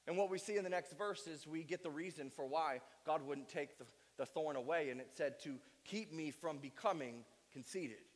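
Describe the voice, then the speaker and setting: A man's voice: a little high, moderate pace, hardly any pauses, big-room sound. A male pastor preaching a sermon with emphatic delivery and strings of rhetorical questions. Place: church sanctuary.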